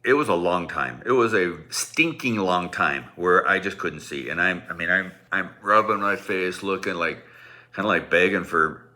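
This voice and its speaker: Deep-voiced man telling a rambling story. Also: moderate pace, bright, forceful tone. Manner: rambling, self-deprecating, many restarts. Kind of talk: personal storytelling.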